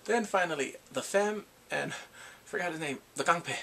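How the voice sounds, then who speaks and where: A man recapping episodes of a TV drama in a casual vlog, animated and quick to act out scenes with squeals and laughs. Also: a little high, vocal fry, a little hiss or hum. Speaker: drama reviewer.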